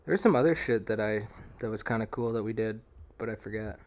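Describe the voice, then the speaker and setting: A man's voice: lowish voice, a little fast. A young man, co-hosting a podcast in casual chat, laid-back and slangy, drifting between thoughts. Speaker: podcast co-host.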